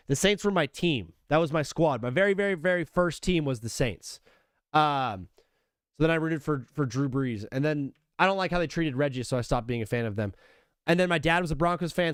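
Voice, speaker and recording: A man's voice: a little high, clean tone, no room sound, clean studio sound. A young man hosting a live sports talk stream, talking casually and animatedly, often calling people brother and dude. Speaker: sports talk show host.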